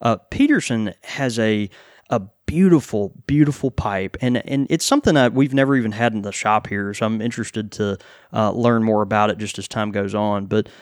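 Halting man talking pipes. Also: on the low side, no echo, studio quality. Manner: halting, many fillers and restarts. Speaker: pipe shop co-host. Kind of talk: casual podcast chat.

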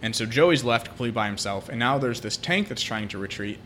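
A man's voice: mid-range voice, expressive, fast talker, a bit bright, a little hiss or hum. A man co-hosting a podcast, retelling a film plot in casual chat, with many fillers. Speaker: podcast co-host.

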